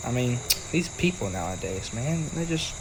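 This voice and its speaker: A man's voice: mid-range voice, sing-song, normal speed, noisy background. A young man giving casual, playful commentary over a video game and joking with the characters on screen. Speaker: gaming video creator.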